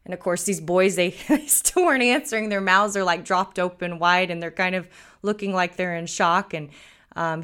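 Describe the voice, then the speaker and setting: A woman's voice: lowish voice, a bit bright. A woman in her thirties from the United States hosting a podcast, telling stories in a chatty, folksy way with frequent chuckles. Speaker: podcast host. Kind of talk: casual podcast talk, storytelling.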